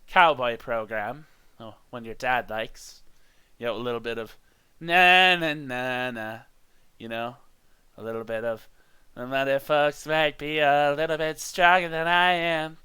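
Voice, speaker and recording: A man's voice: a little high, sharp tone, clean tone, dry recording, pitched below the performer's own voice, poor audio. A man voicing a nervous, flustered TV-headed game show host who stammers with fake cheer.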